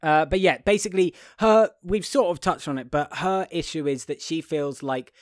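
A man co-hosting a casual film discussion, talking with many restarts and often acting out quotes in high, silly voices. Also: moderate pace, dry recording, clean studio sound. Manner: hesitant restarts. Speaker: podcast co-host.

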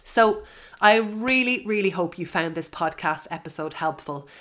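Woman, fitness podcast host, lowish voice; frank, chatty, swears, lots of fillers. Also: expressive, moderate pace, a bit bright. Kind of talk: solo podcast monologue.

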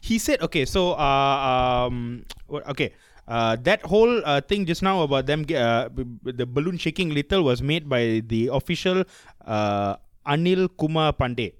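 A man co-hosting a podcast, telling a story in animated casual banter and acting out scenes, often stumbling over restarts. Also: medium pitch, normal speed, smooth. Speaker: podcast co-host.

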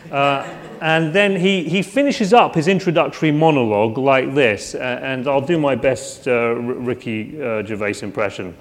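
A man's voice: fairly high pitch, normal speed. A man preaching a sermon in a conversational way, with rhetorical questions and frequent restarts. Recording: long hall reverb.

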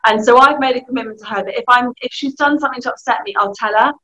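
A woman with a British accent, giving lively, animated advice as a guest in a conversation, often laughing. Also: on the high side, very fast. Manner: animated, laughing, acting out family voices. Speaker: youth work guest. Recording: muffled lo-fi audio.

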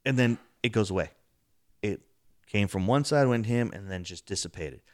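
A man casually telling an excited story about a paranormal investigation, acting out what was said. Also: normal speed, no room sound, studio quality. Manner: excitable, acts out quotes, rising pitch when telling.

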